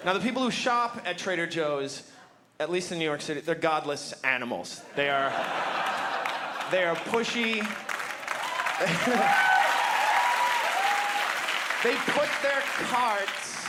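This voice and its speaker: A stand-up comedian on a club stage, delivering sarcastic, mock-indignant rants into a handheld mic. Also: male voice, on the high side, expressive, normal speed, over a noisy crowd, very noisy. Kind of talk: stand-up set.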